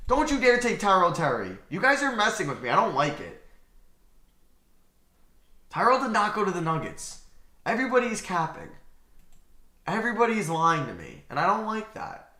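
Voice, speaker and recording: A young man hosting a live draft reaction stream, excitable and talking back to his chat, swinging from near-shouts to mutters. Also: sits high, moderate pace, long pauses. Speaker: livestream host. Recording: roomy echo.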